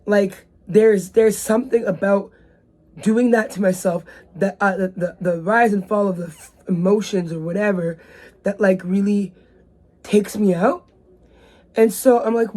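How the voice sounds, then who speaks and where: A woman's voice: medium pitch, steady tone, a little slow, dark tone. A woman hosting her own vlog, talking casually and rambling from a bedroom with lots of fillers. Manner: rambling, chatty, many fillers. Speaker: vlogger host. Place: bedroom indoors.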